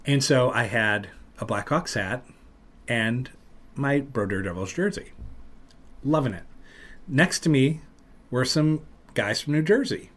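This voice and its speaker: A man hosting a podcast, telling a long story in casual chat and loudly acting out what people said. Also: mid-range voice, measured pace, long pauses. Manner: animated, acts out loud quotes of other people. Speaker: podcast host.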